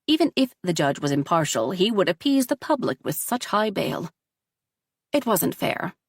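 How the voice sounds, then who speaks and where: A woman reading a story aloud in steady, measured audiobook narration. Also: fairly low pitch, no room sound, clean studio sound.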